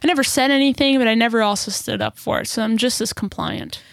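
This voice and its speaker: A young woman in casual conversation, telling stories in an animated way, swearing freely and laughing often. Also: a little high, fast, gravelly, no room sound, studio quality. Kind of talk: casual chat.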